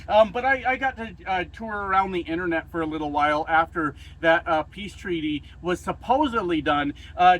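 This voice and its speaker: A man's voice: sits high, fairly bright tone, poor audio. A young man ranting about politics in a casual, profane, exasperated and sarcastic way. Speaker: political commentator.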